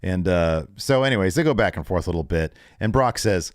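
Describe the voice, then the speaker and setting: A man's voice: fairly quick, no room sound, clean studio sound. A man co-hosting a podcast, retelling a wrestling show in casual chat and acting out the lines he quotes. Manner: animated retelling, acts out quotes with raised pitch. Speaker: podcast co-host recapping wrestling.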